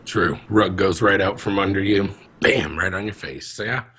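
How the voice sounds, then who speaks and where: A man's voice: low voice, normal speed, bright, forceful tone, husky. A man co-hosting a podcast, casual chat with dry joking asides. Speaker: podcast co-host.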